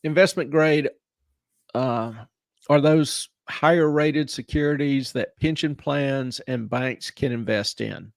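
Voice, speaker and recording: A male host with a gravelly edge to his voice talks through finance on a live stream, sounding dry and close to the mic. He teases his co-host with deadpan humour, then slows down to explain terms carefully. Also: mid-range voice, no echo. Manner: dry, teasing banter, then slow explaining.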